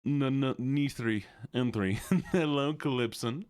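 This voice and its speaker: A man's voice: mid-range voice, lively intonation, normal speed, no echo. A tired but playful man streaming live, greeting his chat one by one. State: a bit tired. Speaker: livestreamer.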